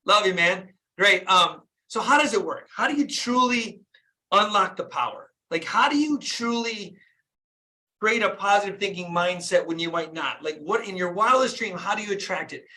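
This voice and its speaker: Hosting a group video call, this dentist and business coach gives a preachy, fired-up motivational talk, driving points home by repeating phrases. He speaks in a high, animated, bright and forceful voice at a moderate pace.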